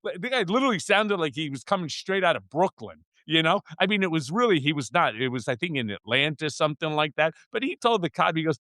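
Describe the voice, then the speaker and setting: On a political talk show, a middle-aged guest commentator spins stories in a slightly high voice, talking fast with few pauses. He swears freely and laughs at his own tales, keeping the political chat casual and animated. The studio-quality audio has no room sound.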